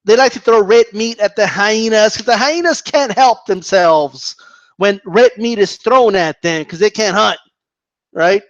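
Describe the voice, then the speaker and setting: In a muffled recording without room sound, a man argues about boxing at a measured pace. His casual commentary is animated and repetitive, and he mocks those he disagrees with by imitating them in high voices.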